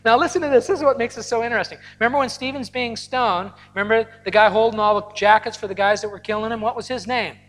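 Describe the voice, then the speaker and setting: A man's voice: sits high, quick pace, few pauses. A man delivers a sermon to a congregation, mixing teaching with personal stories and playful asides. His voice rings out through a large hall with a long reverb tail. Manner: storytelling, animated asides with laughter. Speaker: pastor. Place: large hall or church auditorium.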